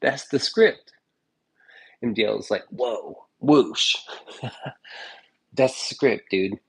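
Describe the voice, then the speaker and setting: Husky, laid-back man joking around. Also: fairly low pitch, takes it slowly. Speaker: streamer. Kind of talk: casual vlog chat. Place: home kitchen.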